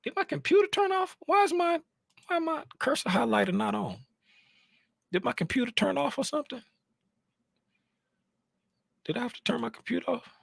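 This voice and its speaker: A man casually walking through a chart on a screen share, thinking out loud and talking to himself in a chatty, animated way. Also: very high voice, normal speed, creaky, long pauses, dry recording, studio quality. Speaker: trading educator.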